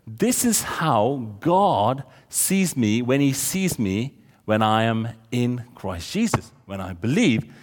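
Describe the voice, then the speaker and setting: The preacher's medium-pitched voice has a sing-song lilt and a slow pace, with a long reverb tail behind it. He explains scripture one verse at a time and frequently asks the congregation questions.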